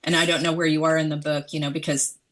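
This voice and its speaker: A woman's voice: low-pitched, flat delivery, fast talker, a bit bright. A woman, an author being interviewed about her memoir, speaking in a thoughtful, musing way. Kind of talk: reflective interview conversation.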